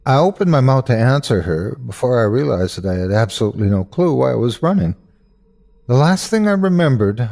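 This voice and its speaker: A man's voice: mid-range voice, darkish tone. A man narrating a scripted horror story in first person, tense and breathless in the scary parts.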